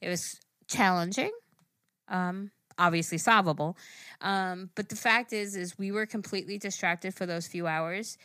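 A woman's voice: on the low side, normal speed, fairly bright tone, no room sound. A young woman co-hosting a podcast, chatting in a laid-back way about things she has tried. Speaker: podcast co-host. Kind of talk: casual chat.

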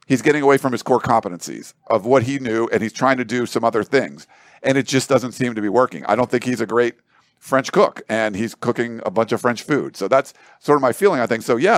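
A man's voice: mid-range voice, no echo. Rambling male sports analyst in a studio. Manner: rambling, thinks aloud with many "like" fillers and food analogies. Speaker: sports talk show analyst. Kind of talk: casual studio talk show commentary.

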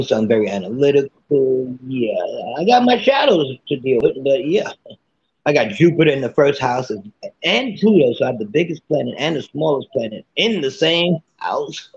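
A man hosting a casual live chat room and giving tarot readings, playful and teasing, with sudden soft asides. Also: mid-range voice, slightly rough, dull audio.

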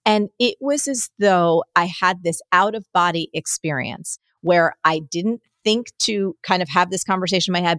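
A middle-aged woman, a guest on an interview podcast, telling stories in an energetic, animated way. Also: on the low side, no room sound.

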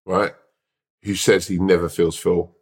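A man co-hosting a podcast, telling stories in casual, animated chat with plenty of swearing. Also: sits low, measured pace. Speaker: podcast co-host.

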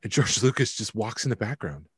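A man's voice: lowish voice, animated, brisk, husky, no room sound, studio quality. A man co-hosting a podcast, chatty and joking while reading prices aloud. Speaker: podcast co-host. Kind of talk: casual chat.

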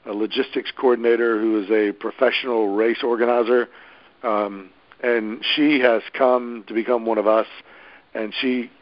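A man's voice: medium pitch, steady tone, moderate pace, dry recording. Enthusiastic rambling man, lo-fi audio. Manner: enthusiastic, rambling with many restarts. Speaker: local event host organizer. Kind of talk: casual podcast chat.

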